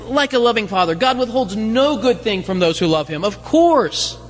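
A man with a high, animated voice preaches a sermon as a pastor at a normal pace. He keeps it conversational, with lots of rhetorical questions and light humorous asides. A long hall reverb colors the recording.

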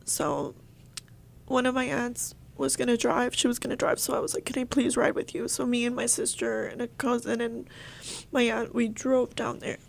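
A young woman telling a painful personal story in an interview, halting and emotional, with many fillers and restarts. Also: fairly high pitch, level tone, vocal fry.

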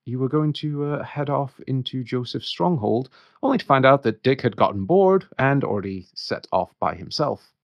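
A man's voice: medium pitch, expressive, moderate pace, creaky, hardly any pauses, dry recording. A man, hosting a podcast as dungeon master and recapping the last session with frequent hesitations. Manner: hesitant, lots of uh fillers. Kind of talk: recapping a tabletop game session. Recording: dull, slightly lo-fi podcast audio.

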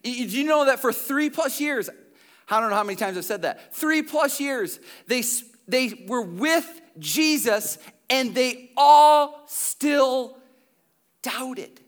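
A man's voice: very high-pitched, lively intonation, takes it slowly. A male pastor giving a sermon in a conversational way, full of restarts and asides, in church.

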